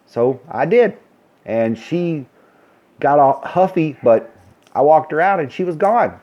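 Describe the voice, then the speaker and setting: A man's voice: mid-range voice, lively intonation, normal speed, lo-fi sound. A man who works as a nursing supervisor, telling a story in a blunt, ranting way and acting out the dialogue. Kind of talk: casual storytelling rant.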